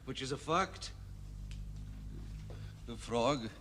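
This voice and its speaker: A solemn lecher inmate. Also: male voice, medium pitch, lively intonation, very slow, a bit bright, full character voice. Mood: earnest. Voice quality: earnest, matter-of-fact. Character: solemn oversexed Welsh male inmate. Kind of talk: 1970s sitcom acting.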